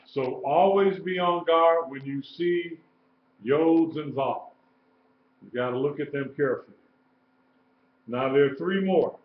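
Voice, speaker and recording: A man teaching a live-streamed lesson, slow and patient, repeating sounds and letters. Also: fairly high pitch. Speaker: Hebrew teacher. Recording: roomy, dull live-stream audio with faint noise.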